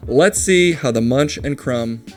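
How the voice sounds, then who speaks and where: A man hosting a livestream, giving quick, sardonic comedic commentary. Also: mid-range voice, soft background music. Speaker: streamer host.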